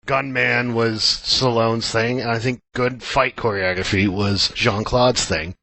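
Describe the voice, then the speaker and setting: A man's voice: medium pitch, steady tone, a little slow, pushed and bright, dry recording. A man co-hosting a casual film podcast, joking around and throwing in silly impressions. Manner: jokey, does silly impressions. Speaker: podcast co-host.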